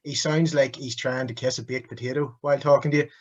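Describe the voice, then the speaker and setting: A man's voice: mid-range voice, steady tone, fast talker, lo-fi sound. Boastful man in his thirties. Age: 30s. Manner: boastful, mock-arrogant. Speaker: podcast guest. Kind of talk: trash-talking banter.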